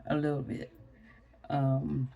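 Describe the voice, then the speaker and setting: Sleepy, slow, low-voiced woman. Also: completely flat delivery, vocal fry, dull audio. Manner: slow, rambling, sleepy and yawning. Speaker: vlogger. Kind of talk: casual chat to camera.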